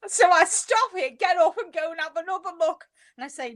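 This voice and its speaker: A woman co-hosting a casual chat, telling an animated story and laughing often. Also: very high voice, normal speed, few pauses. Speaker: co-host.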